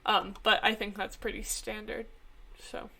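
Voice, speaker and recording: A woman's voice: mid-range voice, flat delivery, unhurried, creaky, bright, forceful tone. A teenage girl co-hosting a podcast in casual chat, hesitant and stuffing her sentences with fillers. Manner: hesitant, filler-heavy with lots of "like". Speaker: podcast co-host.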